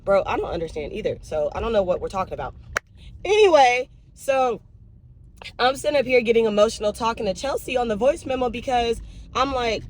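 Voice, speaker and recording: Speaking fairly quickly in a fairly high pitch, a young woman chats casually to her viewers from her car on a drive-thru run. Her manner is emotional and animated, she addresses everyone as y'all, and vehicle noise runs underneath.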